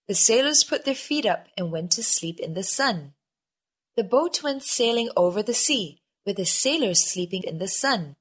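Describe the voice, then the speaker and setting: A woman reading a children's storybook aloud, clearly and with a lively, expressive delivery. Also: medium pitch. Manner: lively, slow, clear reading with voiced shouts for characters. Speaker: storybook reader.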